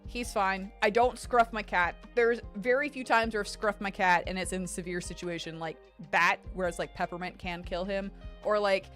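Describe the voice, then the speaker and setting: A young woman streamer chatting casually, telling an animated story and swearing freely. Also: mid-range voice, moderate pace, faint music behind. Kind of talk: casual chat.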